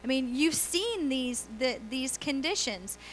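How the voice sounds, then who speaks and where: A woman's voice: high voice, expressive, unhurried, slight background noise, poor audio. A middle-aged woman pastor preaching a sermon in a church, telling stories in a chatty way with laughs and quoted voices. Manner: conversational storytelling with laughs and acted quotes.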